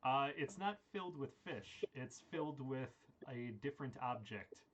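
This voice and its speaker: A young man spins an improvised comic story over a video call, wandering through it with plenty of "uh"s and restarts. He keeps the silliness deadpan. His pitch sits in an ordinary middle range. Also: normal speed, lo-fi sound, slight background noise. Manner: rambling, with many "uh" fillers and restarts, deadpan silliness. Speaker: improv performer.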